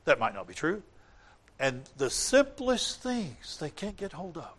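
Earnest older male preacher, high voice. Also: lively intonation, normal speed, a bit bright. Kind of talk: sermon.

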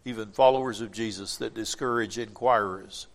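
A man preaching a sermon, swinging between loud emphatic lines and hushed ones, with emphatic repetition. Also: fairly low pitch, steady tone, normal speed.

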